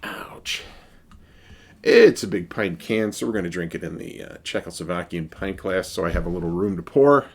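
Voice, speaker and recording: A man's voice: low voice, moderate pace, gravelly, a little hiss or hum. A man casually reviewing a beer for his vlog, rambling and wry, with many fillers and restarts.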